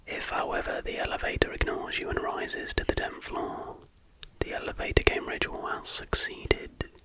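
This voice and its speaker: A male ASMR host whispers an urban legend, taking it slowly and deliberately as though giving step-by-step instructions.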